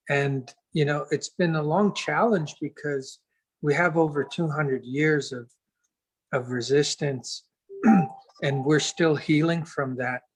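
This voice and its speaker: A man as an interview guest, telling a reflective story in an earnest, unhurried way and pausing to search for words. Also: a little high, low-quality recording.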